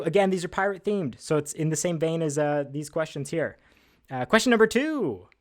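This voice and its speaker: Sitting at a desk indoors, a livestream host with a higher, slightly mellow voice runs a trivia stream. He's chatty and upbeat, pokes fun at himself, and uses fillers often.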